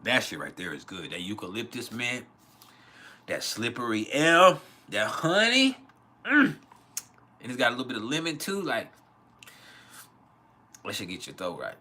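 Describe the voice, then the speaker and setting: Low, bright-voiced man ranting casually. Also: big pitch swings, brisk, long pauses, husky. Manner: loose, profane, rambling rants with laughs. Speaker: astrology livestream host. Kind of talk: casual livestream chat and Q&A. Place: home.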